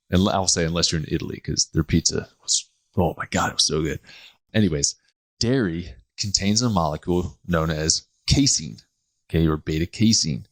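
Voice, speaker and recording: Low-voiced male podcast host, lively and jokey, solo monologue. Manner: animated and joking, laughs often, acts out quoted people. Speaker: podcast host, health practitioner.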